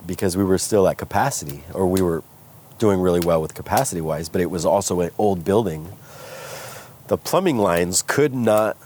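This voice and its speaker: A man from California, a guest entrepreneur, candidly telling his story with animated retellings of what people said. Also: low-pitched, a little hiss or hum. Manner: animated, acts out quoted voices. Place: outdoors by a smoky fire.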